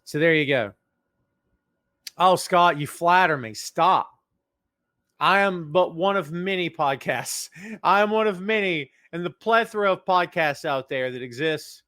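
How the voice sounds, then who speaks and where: Animated man hosting a jokey livestream. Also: a little high, moderate pace, no room sound. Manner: animated, jokey, greets chat by name. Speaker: podcast host. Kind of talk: casual livestream chat with viewers.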